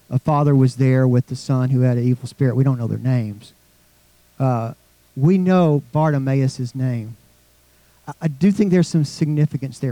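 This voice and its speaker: A man's voice: on the high side, mellow, no echo, rough recording. A man preaching a conversational sermon, asking the congregation questions as he goes. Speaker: pastor.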